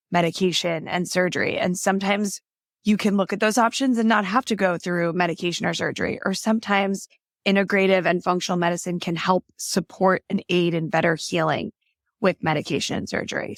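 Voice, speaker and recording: Earnest low-voiced woman guest. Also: no room sound, clean studio sound. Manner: earnest storyteller, frequent "like" and "right?". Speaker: guest, functional health practitioner. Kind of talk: casual interview talk.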